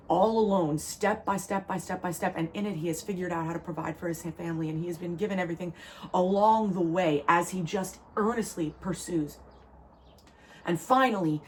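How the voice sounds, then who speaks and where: A woman's voice: fairly low pitch, slight background noise. Earnest woman sharing a channeled message. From New Jersey. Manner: earnest, rambling, emotional delivery in quick bursts. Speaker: tarot reader.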